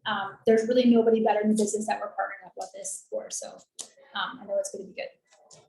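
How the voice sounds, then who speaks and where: A woman talking in a chatty, upbeat, persuasive way, pitching her business on a video call. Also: flat delivery, fast, creaky, dark tone. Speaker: lead generation and call center business owner. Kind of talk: casual sales pitch on a coaching call. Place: in Colombia. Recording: roomy echoey room.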